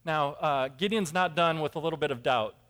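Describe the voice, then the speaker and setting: A man preaching a sermon, telling a Bible story with lively acted-out voices and emphatic rises. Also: a little high, brisk. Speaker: pastor.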